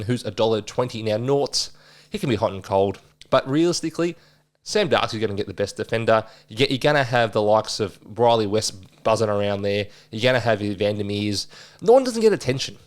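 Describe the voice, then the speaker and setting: Man, slightly low voice, casual sports tipping host, chatty, excitable, self-correcting. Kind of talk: casual betting preview chat.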